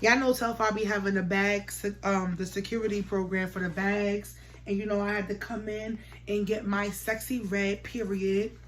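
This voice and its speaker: A young woman vlogger telling a storytime tale in slangy, animated chat, acting out the lines of the people in it. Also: mid-range voice, moderate pace. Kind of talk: storytime vlog.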